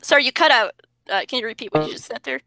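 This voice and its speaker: A woman guest in casual conversation over a video call, animated and talking through ideas with many restarts. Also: on the high side, racing, vocal fry, no echo.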